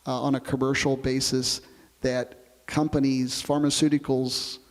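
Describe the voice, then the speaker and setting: A man who flew as an astronaut, telling his experiences in an oral history interview in a relaxed storytelling way. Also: mid-range voice, a little slow, in a large hall. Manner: relaxed storytelling, explains with comparisons.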